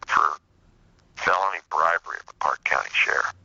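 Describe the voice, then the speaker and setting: Low-voiced man telling a story over a muffled call. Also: moderate pace, gravelly, breathy edge, dry recording. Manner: animated, sarcastic storyteller acting out courtroom exchanges. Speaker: interview guest. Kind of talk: storytelling in a remote interview.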